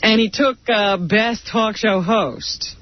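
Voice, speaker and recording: A woman co-hosting a radio show in casual banter, wry and quick with retorts. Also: medium pitch. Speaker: radio co-host. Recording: dull lo-fi radio sound, faint music.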